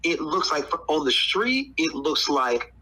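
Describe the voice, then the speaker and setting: A man, a podcast guest, telling a lively story in casual chat and laughing often. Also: takes it slowly, poor audio. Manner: animated, laughs often, breaks into high squeals.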